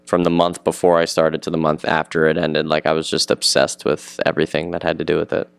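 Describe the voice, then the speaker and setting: A man's voice: extremely low pitch, monotone, fairly quick, creaky, smooth, no echo. A seventeen-year-old male actor chatting eagerly in an interview, rambling and repeating himself as he talks. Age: teens. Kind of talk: casual interview chat.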